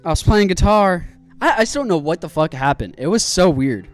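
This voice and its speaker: Excitable young man telling a story. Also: high-pitched, a little fast, no room sound, faint music behind. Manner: animated, swearing, excitable storyteller. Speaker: streamer. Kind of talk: casual storytelling while building a PC.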